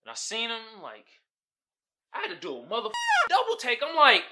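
A man's voice: very high-pitched, huge pitch swings, brisk, pushed and bright, a little hiss or hum. A man hosting a podcast, riffing alone in casual, profane commentary and laughing often. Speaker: podcast host.

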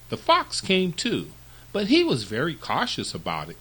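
A man hosting a storytelling podcast, reading fables to children with very expressive, lively narration. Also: a little high, normal speed, breathy edge, low-quality recording.

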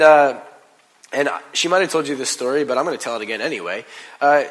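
A man preaching a sermon in a casual, conversational way, full of "like" and "you know", swinging from quiet asides to loud, emphatic bursts. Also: medium pitch, rough recording. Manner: animated, conversational preaching with big swings in loudness. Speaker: pastor.

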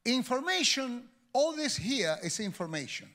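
A man preaching a sermon as pastor, animated and joking with the congregation. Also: extremely high pitch, moderate pace.

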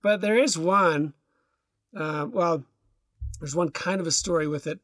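A man's voice: on the high side, a little slow, no room sound, clean studio sound. A man co-hosting a podcast, telling stories in a loose, rambling way with lots of restarts. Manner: rambling storyteller, loose and relaxed with many restarts. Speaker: podcast co-host. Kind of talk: casual conversation.

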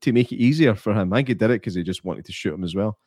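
A man's voice: on the low side, expressive, racing, darkish tone, no echo, studio quality. A man co-hosting a casual film review chat, laid-back and jokey, thinking aloud as he talks. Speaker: podcast co-host.

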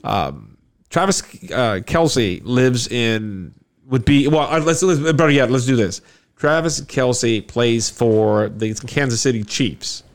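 A man's voice: mid-range voice, slow. A man co-hosting a podcast, chatting casually and teasing the host. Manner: teasing, lively, prods the host. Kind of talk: casual chat.

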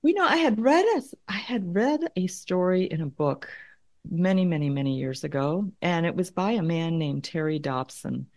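Low-voiced middle-aged woman telling a story. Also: animated, moderate pace. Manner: thoughtful, repeats words as she works out her point. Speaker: conflict consultant and guest. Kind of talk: conversational storytelling interview.

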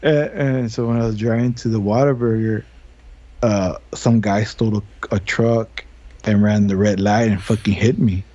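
A man's voice: lowish voice, steady tone, moderate pace, dark tone. A man hosting a podcast, telling rambling stories casually, laughing often and swearing freely. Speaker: podcast host. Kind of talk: casual chat. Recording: dull lo-fi sound.

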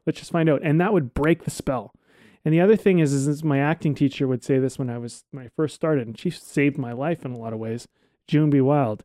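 A man co-hosting a casual podcast, rambling and relaxed, swearing now and then. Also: medium pitch, brisk, no room sound, studio quality. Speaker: podcast co-host.

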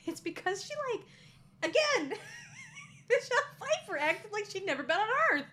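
Lively high-voiced woman podcast co-host. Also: moderate pace, a little hiss or hum. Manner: animated, laughs often, mimics lines. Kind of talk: casual chat.

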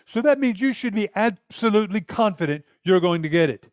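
A man's voice: high-pitched, expressive, a little fast, no echo, dull audio. A man preaching a sermon in an earnest, emphatic way, often acting out prayers.

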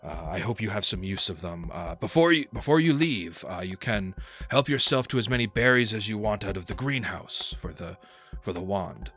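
A man voicing an eccentric old wizard host who is politely formal, and who erupts into high shrieking rage at pests. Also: expressive, moderate pace, few pauses, fairly bright tone. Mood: genteel.

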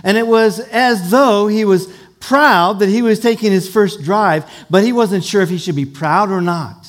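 A man's voice: high-pitched, moderate pace. A middle-aged man preaching a sermon as pastor, telling a family story and leading a call-and-response with the congregation.

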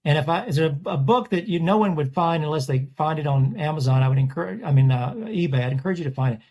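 A man's voice: fairly high pitch, expressive, fast talker, a little mellow. A man, a portrait artist, chatting casually in an interview and rambling through stories with frequent restarts. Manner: rambling, self-correcting storyteller.

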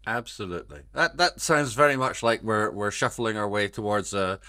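Male co-host, dry wit, bright and lively, low pitch. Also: moderate pace, no echo. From Scotland. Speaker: podcast co-host. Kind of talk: casual podcast chat, reading listener email.

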